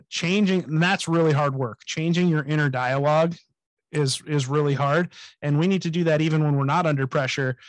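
Male podcast host, remote call, upbeat, laughs a lot, slightly high voice, dry sound. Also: no room sound. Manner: enthusiastic, laughs often, repeats words. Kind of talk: casual podcast chat.

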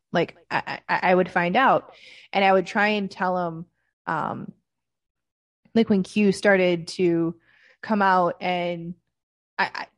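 A woman as a podcast guest, chatting casually and getting animated when she retells conversations. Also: lowish voice, no echo.

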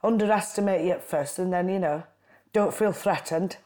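A woman's voice: lowish voice, moderate pace. Chatty Lancashire woman storyteller. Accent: Lancashire (Bolton). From Bolton, Lancashire. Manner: lively, chatty storyteller with quoted voices. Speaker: guest, writer and comedian. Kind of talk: casual conversation.

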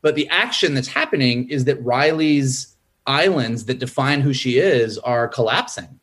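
A man in casual film talk, a screenwriter who acts out character lines in a raised, lively voice. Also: moderate pace. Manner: animated, acts out character quotes in a higher voice. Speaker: screenwriter and podcast guest.

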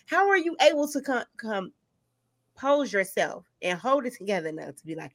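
A woman's voice: fairly high pitch, very animated, a little fast. A woman hosting a casual podcast chat, talking bluntly and animatedly.

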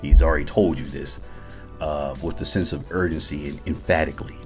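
A man's voice: extremely low pitch, steady tone, brisk, darkish tone, soft background music. A middle-aged man, a retired Army veteran, telling a podcast story casually and chuckling as he talks to listeners. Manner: conversational, addresses listeners directly, chuckles often.

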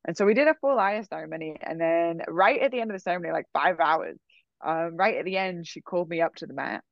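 A woman casually telling a long personal story, full of fillers like "like" and "um", animated in her delivery. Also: lowish voice, fast talker, no echo, muffled recording.

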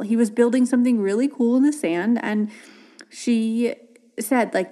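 A woman hosting a podcast, telling a story about a child in a casual, gentle way. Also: fairly high pitch, normal speed. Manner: warm storytelling with gentle quoted dialogue. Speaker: podcast host.

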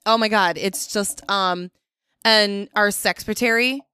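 A woman co-hosting a podcast at a middle pitch, talking earnestly and warmly with plenty of "like"s. The sound is dry and close to the mic. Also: fairly even intonation, slow, clear, resonant tone, no room sound. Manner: warm, earnest, says "like" often. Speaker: podcast co-host. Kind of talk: casual chat.

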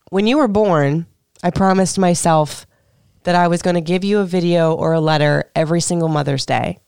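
A woman in her thirties from Florida, chatting candidly on her podcast. Her voice is smooth and clear, recorded dry and close with no room sound. She rambles freely between tender and joking. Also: on the low side, no room sound. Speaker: podcast host and mother. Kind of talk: casual podcast chat.

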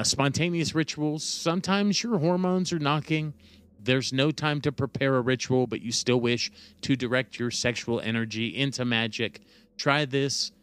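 A man hosting a solo podcast, talking through his material with a smooth, resonant voice at an ordinary middle pitch. He explains loosely and often pauses on fillers or corrects himself mid-sentence. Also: fairly bright tone. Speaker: podcast host.

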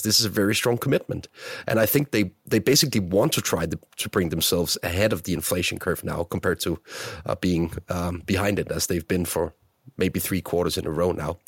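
A man hosting a finance podcast, talking things through in a measured way with small fillers. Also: sits low, breathy edge, no echo, clean studio sound. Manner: measured, thinking aloud with fillers. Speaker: podcast host. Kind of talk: casual finance chat.

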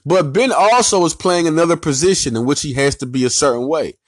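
A man with a Philadelphia accent hosting a sports podcast, ranting in an animated, emphatic, slangy way and repeating his points. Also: fairly high pitch, a little fast, no echo, studio quality. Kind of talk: casual sports rant.

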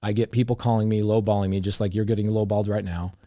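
The speaker is a middle-aged man, a real estate investor on as a guest, whose low-leaning voice moves at a quick pace. He tells casual stories with animation, performing the dialogue inside them, and the sound is clean studio audio without echo.

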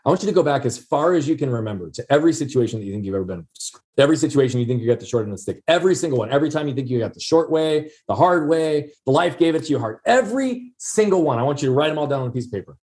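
A man's voice: mid-range voice, lively intonation, very fast, a little mellow. Earnest storytelling man. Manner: earnest, emphatic, repeats key phrases. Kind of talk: storytelling in conversation.

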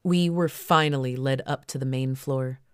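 A woman reads a first-person erotic story as an audiobook, telling it at a steady, even pace. Her voice sits very low for a woman. The recording is close and completely dry. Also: normal speed, clean tone, no room sound. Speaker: audiobook narrator.

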